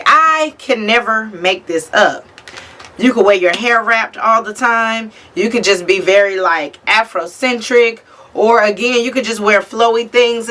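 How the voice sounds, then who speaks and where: With a medium-pitched, fairly bright voice, this woman offers a casual tarot reading directly to the viewer. She's blunt about it and swears without hesitation.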